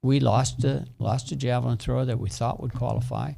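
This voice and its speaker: A middle-aged man with a deeply gravelly, creaky voice speaks as a track coach on a radio show. He talks in a halting way, stopping to repeat words as he explains. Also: steady tone, mellow. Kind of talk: radio interview. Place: radio studio.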